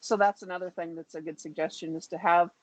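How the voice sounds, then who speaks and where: A woman in her fifties with an American accent, calmly explaining things as a guest on a video call. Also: on the low side, fast talker, no echo, low-quality recording. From United States. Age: 50s. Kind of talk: casual conversation on a video call.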